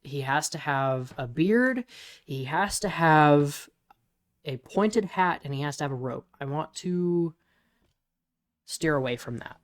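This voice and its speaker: A podcast co-host talking casually, rambling and restarting while pitching story ideas. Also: lively intonation, slow pace. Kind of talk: casual brainstorming chat.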